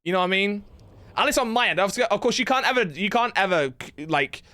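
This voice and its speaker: A man's voice: sits high, expressive, fairly quick, sharp tone, dry recording. A man chatting casually on a live game stream, rambling, laughing and swearing freely. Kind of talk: casual live-stream chat while gaming.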